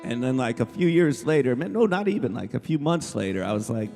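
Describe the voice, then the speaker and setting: A man's voice: mid-range voice, big pitch swings, fairly quick, creaky, warm tone, long reverb tail. A man, a singer-songwriter, telling a rambling, casual story on stage between songs at a small live music venue, with many restarts.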